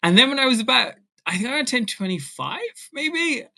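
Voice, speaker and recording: A man, an author being interviewed, telling personal stories in a lively, animated way. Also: extremely high pitch, moderate pace, vocal fry. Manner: animated, acts out family members' voices. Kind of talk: casual storytelling in an interview.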